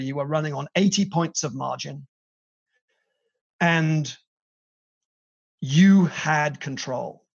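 Gravelly British man, lo-fi. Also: fairly high pitch. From Britain. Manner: storytelling, self-deprecating with laughs. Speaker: company CEO guest. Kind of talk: interview conversation. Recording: slightly dull lo-fi sound.

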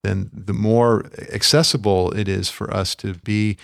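Low gravelly man, gentle pastoral talk. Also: fairly even intonation, measured pace, dry recording, clean studio sound. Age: middle-aged. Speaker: podcast co-host. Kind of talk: reflective Christian podcast conversation.

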